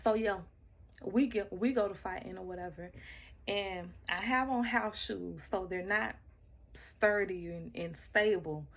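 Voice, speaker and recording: Animated woman telling a personal story. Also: mid-range voice, unhurried, creaky. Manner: animated, acts out her own and others' quoted lines; talks straight to the audience, repeats and restarts words.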